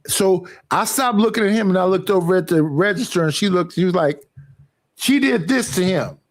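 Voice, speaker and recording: A man on a talk show, somewhat high-voiced, telling profane stories that he acts out as he goes. His voice sounds dry and close to the microphone, with no room around it. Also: normal speed, no room sound. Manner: profane, animated storytelling with acted quotes. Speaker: podcast host. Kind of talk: casual storytelling.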